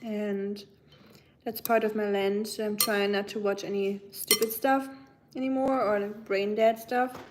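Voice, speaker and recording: A young woman eats as she hosts a casual livestream, chatting, musing, and answering her live chat viewers. Her medium-pitched voice is level in tone and a little slow, and the background is noisy.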